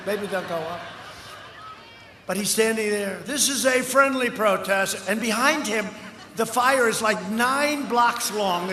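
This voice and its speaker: An older man giving a campaign rally speech outdoors, boastful and rambling, with punchy repetitions, heard through a loudspeaker. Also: sits high. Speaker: political candidate. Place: outdoor rally before a large crowd. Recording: echoey outdoor PA with crowd noise.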